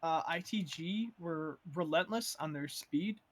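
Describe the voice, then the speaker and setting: A man's voice: on the high side, a little slow. Analytical male esports co-caster. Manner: analytical, many fillers and restarts. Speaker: color commentator.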